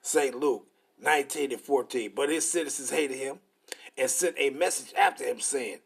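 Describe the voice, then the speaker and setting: A man preaching in a combative, profane style, reading scripture slowly between angry asides. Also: medium pitch, a bit bright, slightly rough.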